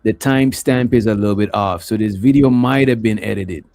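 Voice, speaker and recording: A man's voice: lowish voice, brisk, a little mellow. A man hosting a livestream, talking loosely with lots of filler phrases. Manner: loose, rambling, with frequent "you know what I'm saying". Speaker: livestream host. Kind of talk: casual livestream commentary.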